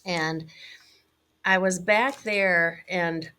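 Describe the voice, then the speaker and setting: A middle-aged woman recounting a hunting trip as an interview guest, animated and full of "like"s and fillers. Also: on the low side, extremely slow. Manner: animated, many fillers and "like"s, laughing now and then. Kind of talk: casual storytelling.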